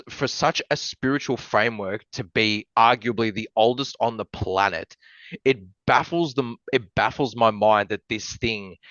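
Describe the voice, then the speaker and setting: Man from Australia, podcast guest, rambly and heartfelt with fillers and swearing; low voice, dry muffled sound. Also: a bit bright, no echo. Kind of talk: casual chat.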